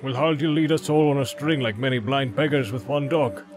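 A man's voice: mid-range voice, a little fast, pitched above the performer's own voice, lightly acted. Man voicing a stubborn, defiant dwarf warrior. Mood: wry. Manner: gruff, defiant, forceful delivery. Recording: background music.

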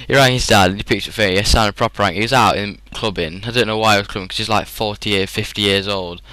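A teenage man with a British English accent rambles through a casual gaming commentary. His slightly low voice sounds bright and clean. The recording is dry and close, with no room echo. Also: fairly even intonation, fast talker. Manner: rambling, chatty, frequent fillers and laughs. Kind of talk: casual storytelling over gameplay.

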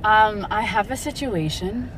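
A woman's voice: mid-range voice, unhurried, noisy background. A young woman pranking her mother over the phone, giggling and pleading.

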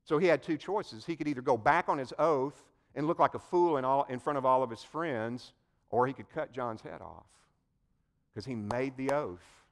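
A man preaching a sermon, telling the story in an animated way and addressing his listeners directly. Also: medium pitch, moderate pace. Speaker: pastor.

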